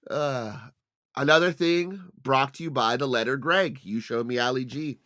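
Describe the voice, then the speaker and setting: A man's voice: medium pitch, normal speed, pushed and bright. A middle-aged man co-hosting a casual comedy podcast, telling stories with lots of animation and mocking voices. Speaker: podcast co-host.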